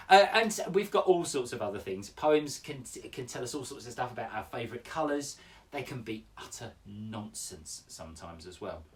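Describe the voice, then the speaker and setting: A man's voice: lowish voice, distant mic. A man in his forties, an upbeat poet hosting a casual daily poetry show from home, chatting with lots of ums and uhs. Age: 40s. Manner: chatty, upbeat, full of fillers. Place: home room.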